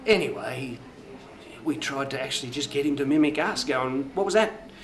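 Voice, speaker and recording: Deadpan, rambling Australian man. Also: mid-range voice, moderate pace. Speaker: voiceover artist. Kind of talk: mockumentary interview anecdote.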